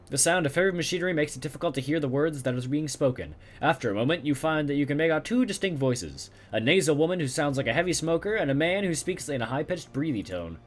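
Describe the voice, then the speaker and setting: A man playing a video game and reading its narration aloud, with muttered casual comments between passages. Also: a little high. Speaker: let's play gamer.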